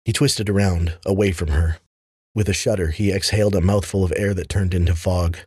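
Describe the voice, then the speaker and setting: Male audiobook narrator, low husky voice, measured fantasy reading, dry close recording. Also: level tone, darkish tone, no echo.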